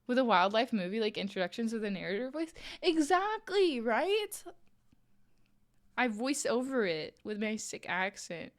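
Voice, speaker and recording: A woman livestreaming as she crochets, talking with her chat in a relaxed, playful way. Her voice sits a little high, and she laughs often as she reads out and answers viewers' messages. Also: moderate pace. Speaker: streamer. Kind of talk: casual stream chat while crocheting.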